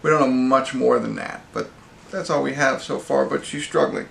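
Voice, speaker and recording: Guy rambling thru a movie review, lots of ums, raspy edge, roomy echo, faint background hum. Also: medium pitch, steady tone, normal speed, a bit bright. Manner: rambling, hesitant, many fillers and restarts. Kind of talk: casual spoken movie review. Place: pub.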